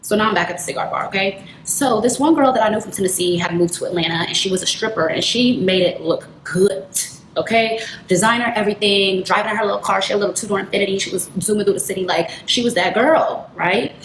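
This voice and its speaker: A woman's voice: mid-range voice, quick pace. A young woman with speech telling a personal story casually and vividly, acting out the people she quotes. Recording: echoey room with loud noise.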